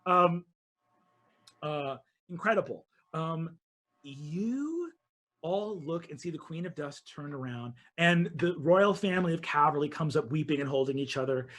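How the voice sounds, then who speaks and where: Unhurried man narrating a tabletop game. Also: a little high. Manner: animated storyteller, voices characters. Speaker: dungeon master.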